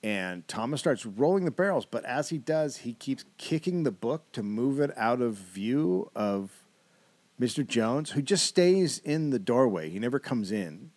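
A man's voice: medium pitch, animated, a little slow, a little mellow. A man co-hosting a comedy podcast, casually retelling a historical story with wry asides.

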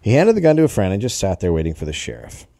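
Male podcast co-host, mellow and animated, reads the story and cracks asides. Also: on the low side, racing, gravelly, no room sound, studio quality. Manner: reads the story aloud with jokey asides and laughs. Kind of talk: comedic history storytelling.

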